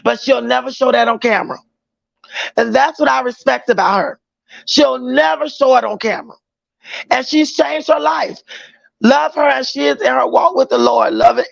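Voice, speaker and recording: Gravelly high-voiced woman streaming. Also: normal speed, muffled recording. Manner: chatty, greets viewers by name, Southern-tinged slang. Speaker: livestream host. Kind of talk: casual livestream chat with viewers.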